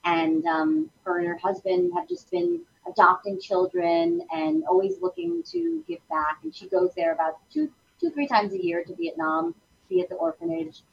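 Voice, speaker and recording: A woman's voice: very animated, normal speed, gravelly, muffled recording, slight background noise. A woman guest on a talk show, chatting in a bubbly, effusive way. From Italian heritage. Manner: bubbly, effusive, swooping pitch. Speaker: guest, actress. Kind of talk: casual talk show chat.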